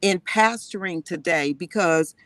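A woman's voice: lowish voice, unhurried, a bit bright, no room sound. A woman co-pastor tells her faith testimony in an interview, acting out the voices she quotes.

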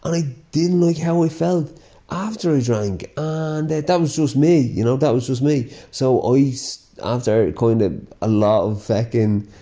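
A man with a strong Dublin accent tells personal stories in a relaxed, chatty way. His voice is very dark and mellow, and he sits at a medium pitch. He laughs often and fills his talk with "you know" and "like". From Ireland. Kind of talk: casual personal storytelling.

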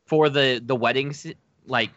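A man co-hosting a casual podcast chat, talking in an animated, questioning way. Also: medium pitch, moderate pace, no echo, dull audio. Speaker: podcast co-host.

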